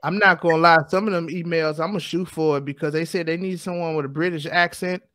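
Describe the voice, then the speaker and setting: A man's voice: a little high, steady tone, fast, pushed and bright, no room sound, studio quality. Joking man in casual podcast chat. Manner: joking, playful.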